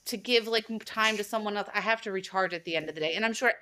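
A woman's voice: mid-range voice, fast, sharp tone. A young woman guest on a podcast, talking in a chatty, reflective way with many "like" fillers. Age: young adult. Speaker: podcast guest, boudoir photographer. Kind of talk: casual conversational interview.

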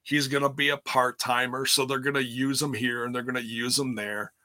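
A man's voice: medium pitch, little pitch movement, fairly quick, pushed and bright, no echo, studio quality. A man giving a candid, rambling recap of a wrestling event in casual chat, speaking casually and swearing now and then. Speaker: wrestling commentator.

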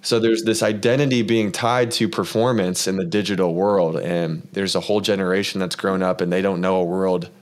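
With a low-pitched, steady voice, this podcast host speaks fairly quickly and rarely pauses. His casual faith-centered chat turns into a lengthy personal story, told earnestly and meanderingly with plenty of filler words.

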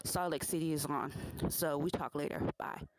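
A woman's voice: sits low, fairly even intonation, moderate pace, no echo, low-quality recording. A woman leaving a voice message, ranting with heavy profanity. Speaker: voice-message sender.

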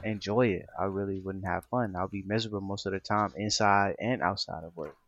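A young man who is a podcast guest, telling stories in a relaxed, slangy way. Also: deep voice, fairly quick, highs cut off. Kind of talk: casual podcast discussion.

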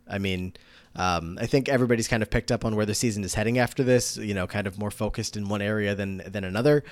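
A man with a low, smooth voice talks through his take on a show, circling back and restarting as he thinks. The sound is close and dry. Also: quick pace, dry recording. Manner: rambling, many fillers and restarts. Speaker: podcast co-host. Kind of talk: casual analytical chat.

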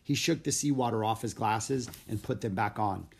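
A man reading a children's storybook aloud in an expressive, lively narration. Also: fairly low pitch, normal speed, vocal fry, husky. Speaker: audiobook narrator.

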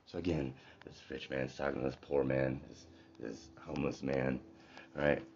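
Very deep-voiced man telling a story. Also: level tone, normal speed, creaky, a little mellow. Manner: conversational, checks in with "right?". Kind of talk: casual storytelling monologue. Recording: dull lo-fi with faint noise.

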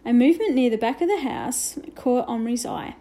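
A woman reading a children's novel aloud with gentle storytelling and hushed asides. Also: a little high, expressive, moderate pace. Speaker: reader.

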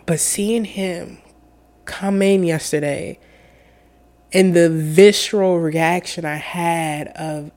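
A young woman telling a personal story in an earnest, halting way, tearful and full of fillers. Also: lowish voice, steady tone, darkish tone.

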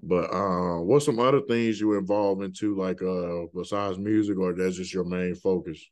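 A man's voice: deep voice, steady tone, moderate pace, a little mellow. A man in his thirties hosting a podcast, telling stories in a loose, rambling way with lots of fillers. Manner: laid-back, rambling storyteller with many fillers. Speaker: podcast host. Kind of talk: casual interview chat.

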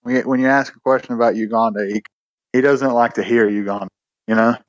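A man's voice: mid-range voice, fairly even intonation, fast, dry recording. Rambling, cursing man on a dull line. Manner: rambling, swears often, many restarts. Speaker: podcast co-host. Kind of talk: casual storytelling chat.

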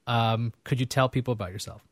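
A man's voice: mid-range voice, steady tone, quick pace, dry recording, studio quality. Joking man hosting a casual interview. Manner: joking, rambling with fillers. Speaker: host.

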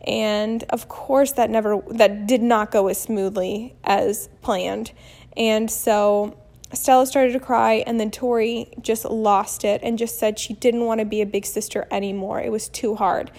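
A woman in her thirties telling a story casually as a vlogger, animated and blunt, acting out what people said. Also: on the high side, a little slow. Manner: animated, acts out quotes, blunt with mild swearing. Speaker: vlogger and mother.

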